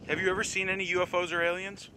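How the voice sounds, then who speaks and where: Male interviewer, fast and lively, wind blasting the mic. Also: sits high. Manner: direct, quick questions. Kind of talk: asking interview questions. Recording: loud wind noise on mic.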